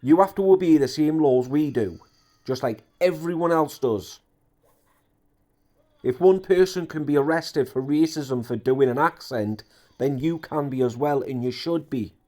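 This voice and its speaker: A man's voice: fairly high pitch, unhurried, mellow. A man delivers heated commentary on internet drama in a slightly raised register. He hammers his points with repetition and indignant emphasis. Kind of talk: ranting commentary.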